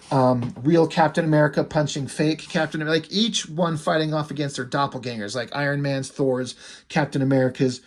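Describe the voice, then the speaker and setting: A man casually reviewing a comic book, reading out its dialogue and giving blunt, profane asides. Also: mid-range voice.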